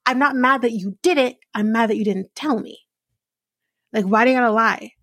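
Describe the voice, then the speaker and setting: A woman's voice: a little high, normal speed, a bit bright, no room sound, clean studio sound. A woman voicing an exasperated young woman who fires off questions while recounting a reality show. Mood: indignant. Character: indignant young woman demanding answers.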